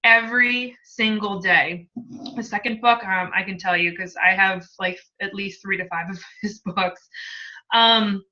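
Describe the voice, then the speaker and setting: Bright, chatty woman sharing her story. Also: medium pitch, fairly even intonation, measured pace, highs cut off. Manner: talkative, emotional, laughs often. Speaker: fitness coach, guest. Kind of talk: candid testimonial talk.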